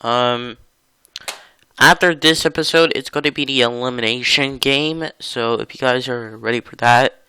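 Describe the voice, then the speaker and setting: A man hosting his own gaming channel, commenting casually over a hockey video game in a rambling, chatty way with sudden excited outbursts. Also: mid-range voice, normal speed, clean tone.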